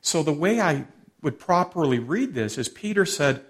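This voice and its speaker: A man's voice: a little high, big pitch swings, normal speed. A man preaching a sermon, expounding a passage and acting out the quoted lines with shifting emphasis. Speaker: pastor.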